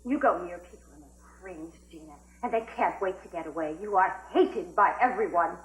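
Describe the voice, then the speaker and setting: A woman's voice: fairly low pitch, moderate pace, background noise, lightly acted. An actress playing a proud, cold woman in a 1980s TV soap, icy and cutting. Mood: contemptuous.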